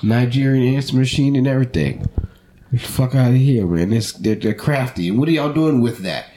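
A man in his thirties who hosts a podcast and talks in a relaxed, profane way, cracking jokes as he goes. His voice sits at an ordinary middle pitch. He sounds like he is chatting with friends. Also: a little fast. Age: 30s. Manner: loose, profane, joking storyteller. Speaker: podcast host. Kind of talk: casual chat.

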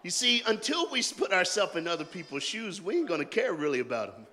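A man preaching a sermon in a loose call-and-response style, joking in colloquial asides and swinging between shouted rallying lines and hushed, quiet talk. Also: high-pitched, sing-song, fairly quick. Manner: jokey, colloquial and emphatic. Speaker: pastor. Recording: long hall reverb.

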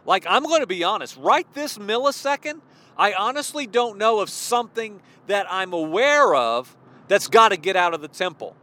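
A man's voice: sits high, expressive, normal speed, sharp tone. A man giving an informal sermon to other men, rambling and restarting, addressing them as brothers. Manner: rambling, restarts often, talks to listeners as brothers. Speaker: preacher.

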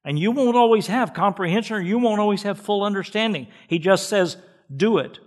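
Male pastor, emphatic sermon delivery, somewhat high-pitched voice, repeats words for weight. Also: fairly quick. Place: church.

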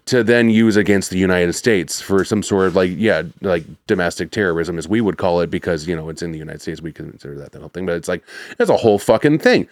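A man's voice: sits low, animated, fast, no room sound. A man co-hosting a podcast at home, rambling and sarcastic as he retells stories at length. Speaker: podcast co-host. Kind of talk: casual chat.

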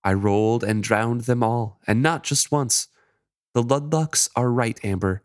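A man's voice: mid-range voice, unhurried, no echo, clean studio sound, close to an everyday voice. A man voicing a despairing sentient male ship figurehead who turns bitter and sarcastic.

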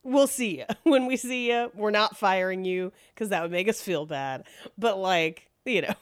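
A woman's voice: mid-range voice, normal speed, clean tone, no echo, clean studio sound. A woman hosting a podcast, casually telling a true-crime story in a chatty way and laughing often. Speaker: podcast host.

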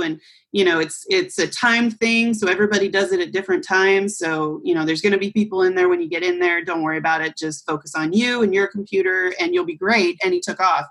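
A woman's voice: medium pitch, expressive, fairly quick, fairly bright tone. A young adult woman on a podcast, telling a story casually and acting out the voices of people she quotes. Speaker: podcast co-host.

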